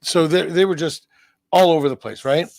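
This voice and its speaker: A man's voice: a little high, vocal fry, a little mellow, no echo. A Canadian man co-hosting a casual comedy chat show, telling rambling stories that halt on fillers. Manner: rambling storyteller, halting with fillers. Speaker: podcast co-host.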